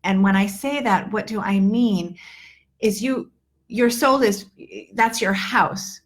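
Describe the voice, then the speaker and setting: A woman's voice: mid-range voice, slow. A woman in her fifties, an English teacher and accent coach, giving a chatty, earnest live online lesson with many fillers and restarts. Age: 50s.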